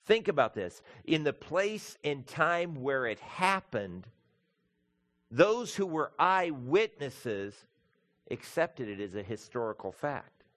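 A man's voice: fairly high pitch, sing-song, slow, fairly bright tone. A man preaching a sermon as pastor, emphatic and building through lists of repeated words, addressing the congregation as folks.

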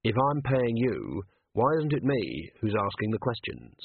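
A man's voice: lowish voice, big pitch swings, a little slow, creaky, slightly rough, no echo, narrow, tinny audio, heavily acted. A man reading an audiobook, voicing a polite, cheerful young assassin who talks in a formal, faintly menacing way.

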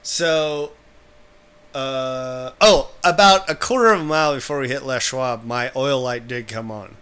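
Young male storyteller, animated, slips into voices, bright and edgy tone. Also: medium pitch, unhurried, clean tone. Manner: animated, breaks into impressions and quoted voices. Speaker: podcast co-host telling a story. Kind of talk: casual storytelling chat.

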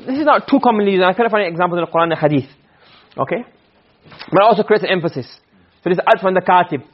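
In a dull lo-fi recording, a high-voiced man lectures on Arabic rhetoric. He often checks that students are following and recites Arabic quotations quickly.

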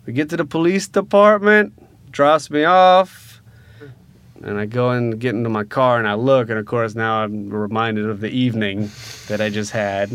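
A man from Louisiana telling a story in casual talk, animated and profane, dropping to hushed asides and then rising into loud rants. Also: medium pitch, moderate pace, clean tone.

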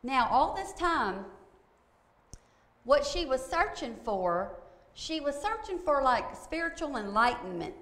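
A woman's voice: high voice, sing-song, slow, a bit bright. A woman telling a story in a sermon, emphatic and often asking "okay?" to drive points home. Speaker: preacher. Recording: echoey room.

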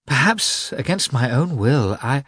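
A man's voice: mid-range voice, very animated, unhurried, fairly bright tone, husky, no room sound, clean studio sound, pitched above the performer's own voice, heavily acted. A man doing a tearful young noblewoman. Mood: earnest, tearful.

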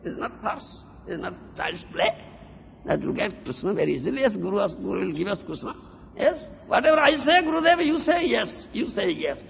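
A man lectures disciples in a high, gravelly voice that swoops up and down as he mocks their excuses. He keeps prodding them with "huh?" The old, muffled tape carries a long echo. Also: very animated, fairly quick, a little hiss or hum. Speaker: spiritual teacher. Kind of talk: devotional lecture. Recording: dull old tape in a reverberant hall.

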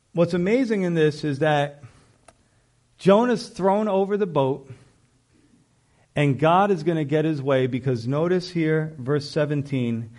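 Male pastor, high-pitched, conversational sermon delivery with acted-out dialogue. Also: darkish tone.

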